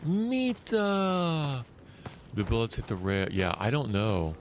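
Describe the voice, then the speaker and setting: A man streaming a survival shooter live, talking loosely and excitedly as he plays, often restarting his sentences. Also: low voice, normal speed, a little hiss or hum. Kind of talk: live gameplay commentary.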